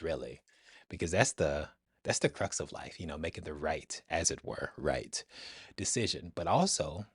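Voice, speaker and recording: Low husky man gushing on a review. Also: dry recording, studio quality. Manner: enthusiastic and rambling, with restarts. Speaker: TV reaction channel host. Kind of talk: casual reaction-video review commentary.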